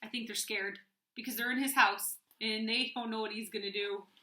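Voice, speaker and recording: A woman teacher reads a picture book aloud to young children from home, warm and encouraging. Her voice is high and bright and unhurried. The room gives a noticeable echo. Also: steady tone, a little hiss or hum.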